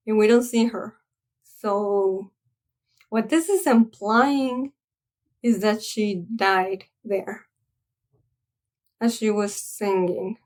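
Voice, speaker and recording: Slow, halting woman reviewing a film. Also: medium pitch, a little mellow. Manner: earnest, halting, searching for words. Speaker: anime reviewer. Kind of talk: casual spoken film review.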